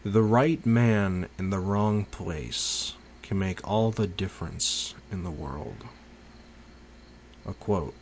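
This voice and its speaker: A man delivering a slow, pensive spoken monologue with long pauses. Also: deep voice, a little hiss or hum.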